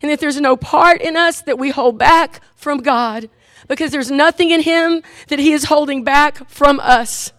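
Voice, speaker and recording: A woman preaching a sermon and leading a closing prayer, lively and laughing at times, turning earnest and quiet when she tells a story. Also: sits high, measured pace, no room sound, clean studio sound.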